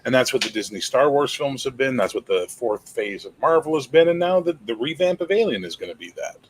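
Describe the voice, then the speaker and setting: A man's voice: medium pitch, lively intonation, a little fast, a little hiss or hum. Sarcastic podcast guest, a man. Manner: sarcastic, jokey, mock voices. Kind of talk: casual chat.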